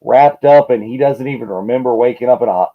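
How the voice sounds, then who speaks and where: A man hosting a live watch-along, trading wry jokes in a casual chat. His voice sits in the middle of the pitch range. The audio is dull and lo-fi, like call audio. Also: quick pace. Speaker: show host.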